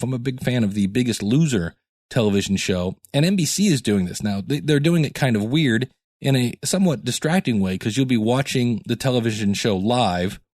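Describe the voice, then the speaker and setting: Sleep-deprived and rambling, a man talks casually on his solo podcast, tossing in jokey asides. The sound is studio quality without echo, and his medium-pitched voice is a little mellow.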